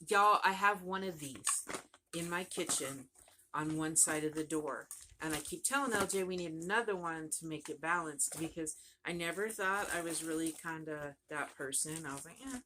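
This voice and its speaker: A woman's voice: low-pitched, normal speed, sharp tone, slight background noise. A woman vlogging casually about her crochet project, rambling and chatty, often trailing off and starting over. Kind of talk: casual chat to camera.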